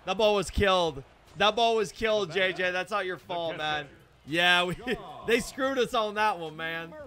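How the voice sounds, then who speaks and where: A young man giving live gameplay commentary, excitable and self-deprecating, breaking into shouts when plays go wrong. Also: high voice, measured pace. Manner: self-deprecating, hard on himself. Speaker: gaming YouTuber.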